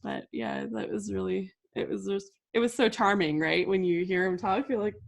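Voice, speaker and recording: A middle-aged woman hosts a live crafting stream, chatting casually and laughing a lot as she reads viewer comments aloud. Her voice is creaky and medium-pitched, with fairly even intonation and a normal pace.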